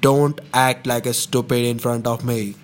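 A man making a prank phone call, insistently pitching a fake casting offer. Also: fairly even intonation, measured pace. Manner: insistent, smooth-talking recruiter pitch. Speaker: prank caller.

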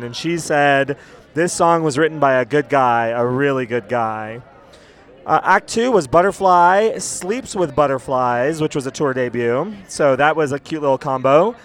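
A man hosting a casual after-show podcast, talking with enthusiasm and sounding a little sick, recorded outdoors in a city. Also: a little high. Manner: enthusiastic, chatty. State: sick, cold. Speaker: podcast host.

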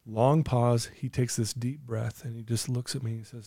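Middle-aged man, earnest storyteller, mellow voice, dry close mic. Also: mid-range voice, flat delivery, normal speed, vocal fry, dry recording. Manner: earnest, acts out quoted dialogue. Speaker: guest telling his story. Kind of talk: casual storytelling conversation.

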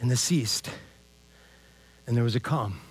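A male pastor preaching a casual, conversational sermon, animated and tagging his lines with "man" and "all right?". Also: medium pitch, a little slow, breathy edge.

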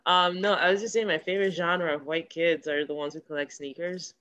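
A woman's voice: fairly low pitch, fairly even intonation, a little fast, a bit bright. A woman chatting casually as a podcast guest, teasing and laughing often. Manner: giggly, teasing. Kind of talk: casual chat.

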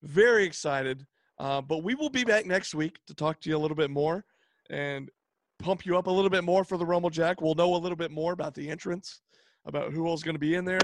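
Raspy-voiced man hyping an event. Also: a little high, fast, no room sound. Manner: upbeat, hype-building, many "uh" fillers. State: raspy, worn voice. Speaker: podcast co-host. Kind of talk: casual podcast chat.

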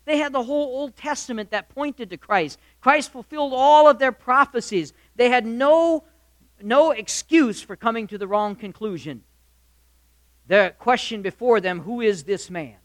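Male pastor, high bright voice, dry close sound. Emphatic sermon delivery that swings loud to quiet, full of rhetorical questions to the room. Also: moderate pace, no echo. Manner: addresses listeners directly, asks rhetorical questions. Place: church or hall with live congregation.

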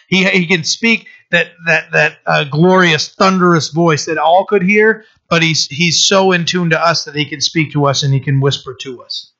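A man preaching a sermon and reading scripture, talking haltingly with many fillers and restarts. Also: fairly high pitch, pushed and bright. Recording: dull lo-fi recording.

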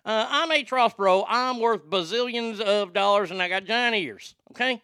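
A man doing an impression of a folksy, boastful older businessman, with a high, halting, twangy delivery. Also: bright, forceful tone, clean tone, dry recording, studio quality.

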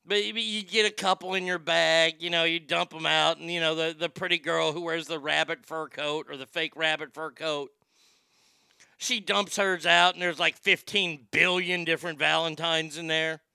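A middle-aged man ranting comedically and profanely, swinging from loud outbursts to muttering. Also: a little high, fairly even intonation, normal speed, vocal fry, smooth, no room sound, clean studio sound. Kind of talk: casual comedic rant.

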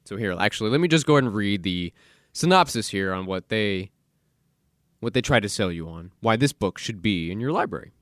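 Male podcast host, lively sarcastic solo rant, very dry close sound. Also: fairly low pitch, a little fast, dry recording. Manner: animated, sarcastic, rants and mock-quotes people. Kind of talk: casual solo podcast monologue. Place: recording studio.

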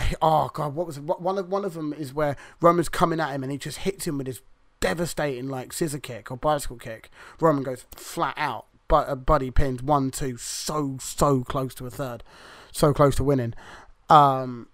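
A man's voice: on the high side, dry recording, studio quality. A man co-hosting a podcast, chatting casually through a wrestling review, rambling and swearing freely as he acts out the wrestlers' lines. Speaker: podcast co-host.

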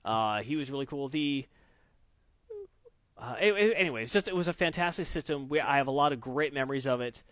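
A man's voice: mid-range voice, lively intonation, fairly quick, fairly bright tone, no echo, lo-fi sound. A man chatting enthusiastically and rambling, with many restarts, as he co-hosts a casual talk. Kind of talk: casual chat about tabletop games.

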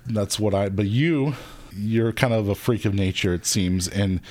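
A middle-aged man hosts a relaxed podcast interview in a deep, low voice. He rambles a little and restarts his sentences as he talks. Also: unhurried, no room sound. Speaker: podcast host. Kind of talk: casual interview.

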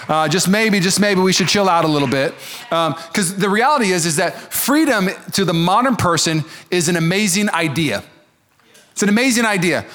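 A man preaching a sermon as pastor, animated and joking, acting out quoted voices. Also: on the high side. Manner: animated, jokey, acts out voices of others.

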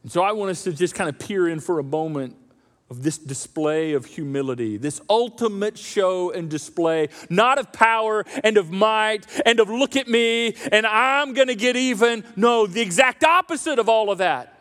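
A man preaching a sermon as pastor, animated and acting out the voices of the crowd. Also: sits high, normal speed. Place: church auditorium. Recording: reverberant church hall.

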